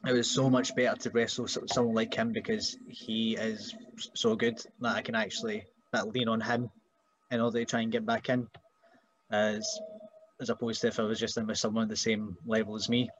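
A man's voice: on the low side, flat delivery, brisk, a little hiss or hum. A young Scottish man, a wrestler, chatting casually on a podcast and joking about people he meets. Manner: joking, does mocking voices of relatives. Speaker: wrestler guest.

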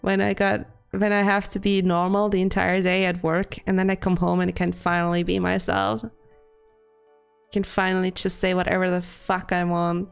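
A woman's voice: on the low side, monotone, normal speed, gravelly, clean tone, faint music behind. A young woman livestreaming from her room at home, chatting casually, giggling often, swearing and teasing herself. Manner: giggly, swearing, playful and self-mocking. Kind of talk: casual live-stream chat. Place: home room with the window open.

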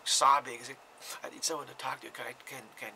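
A man's voice: medium pitch, level tone, a little fast, creaky, noisy background, natural voice. A man voicing a distressed woman who pleads tearfully for someone to talk to. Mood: pleading.

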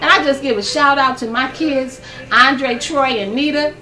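A woman's voice: high-pitched, normal speed, bright, forceful tone, reverberant, distant mic, soft background music. An older woman hosting a gospel program from her home, giving a fervent, preachy devotional talk to camera and laughing often.

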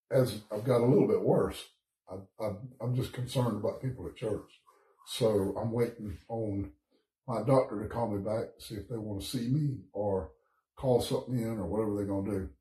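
Slightly ill and coughing, this man leads an informal morning Bible study online, reading scripture and chatting in a folksy way. His voice is on the low side and warm, with reverberation from the streaming setup.

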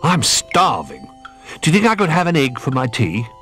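A man voicing an excitable little toy bear in a storybook reading, with a high, eager childlike voice. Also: moderate pace, soft background music.

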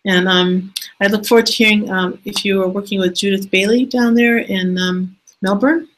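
A woman hosting an online teaching hangout over a video call, speaking in a hesitant, halting way and slowing down to spell out details. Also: mid-range voice, steady tone, poor audio. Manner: hesitant, halting speech that slows down to spell things out. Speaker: host of an online teaching session.

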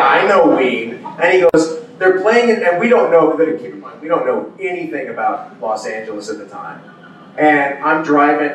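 A man on a convention panel spins animated stories, acting out the exclamations of the people in them. His voice comes from a distance in a big, echoey hall. A faint hum of ambience sits underneath. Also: on the high side. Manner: animated storyteller, acts out quoted exclamations. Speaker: voice actor guest at a convention panel. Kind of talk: casual storytelling Q&A. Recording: echoey hall audio from far off.

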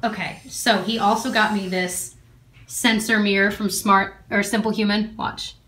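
A woman vlogging casually, excitedly showing gifts and chatting while out running errands. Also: mid-range voice, measured pace. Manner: excited, gushing. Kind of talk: casual vlog chat. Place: at home and in a car.

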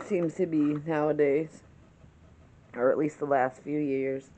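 A woman vlogger telling a story in a casual chat-with-me video, chatty and animated, laughing through it and swearing now and then. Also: deep voice, unhurried.

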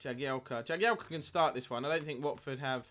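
A young man live-streaming a football game, chatting with viewers and getting excited at near misses. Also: mid-range voice, brisk. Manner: chatty, reads chat aloud, excitable at goals. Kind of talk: live gameplay commentary and chat.

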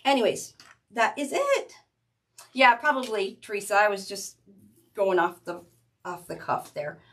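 A middle-aged woman talks through a craft project in a loose, chatty way, stopping and restarting her sentences while her hands stay busy. Her voice sits at an ordinary middle pitch for a woman. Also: lively intonation, a little slow, a bit bright. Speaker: craft tutorial host. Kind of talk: casual step-by-step craft demonstration.

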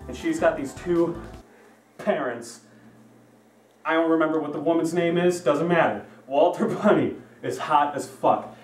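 A man's voice: a little high, a little slow, echoey room, far from the mic. A young man delivering a profane, rambling comedy rant, repeating himself to hammer points. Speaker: comedy vlogger.

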